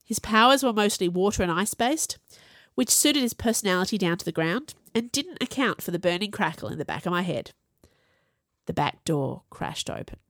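A woman reading a first-person fantasy story in a wry, chatty tone with a lively, bouncing voice. The recording is dry and close, with no room sound. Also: mid-range voice, no echo. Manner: wry, conversational, expressive. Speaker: audiobook narrator.

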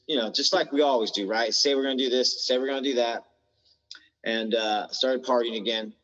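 A man's voice: medium pitch, a bit bright. A man from the United States, a podcast guest in recovery, telling his story candidly in blunt, slangy talk that swears freely. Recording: dull lo-fi sound with long reverb.

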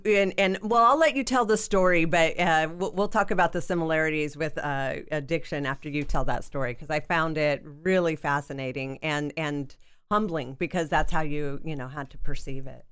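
Low-voiced, smooth woman podcast host. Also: moderate pace, a bit bright. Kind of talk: interview conversation.

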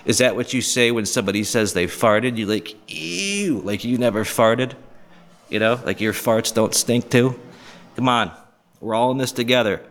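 A man from the area hosting a podcast, rambling through crude, jokey topics with quick mocking voices. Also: fairly low pitch, steady tone, fairly bright tone. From Boston area, US. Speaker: podcast host. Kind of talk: casual monologue.

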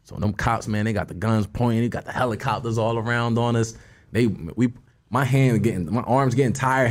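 A guest musician from Philadelphia, a man with a mid-range voice, tells a story in casual street slang, saying "you feel me" a lot.

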